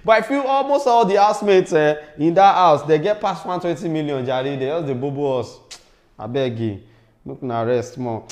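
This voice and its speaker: A man with a Nigerian accent hosting a casual celebrity gossip show, animated and slipping into Pidgin asides. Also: on the high side, moderate pace, roomy sound. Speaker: host.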